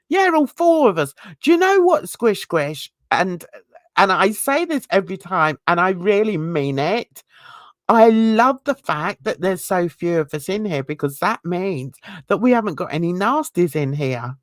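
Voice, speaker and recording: A woman's voice: medium pitch, big pitch swings, measured pace, dry recording, studio quality. A woman with a North London accent mixed with rural Essex, hosting a casual livestream chat and talking easily with viewers, fond of British slang and endearments. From England. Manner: chatty, warm-hearted, uses British slang and endearments. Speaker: livestream host.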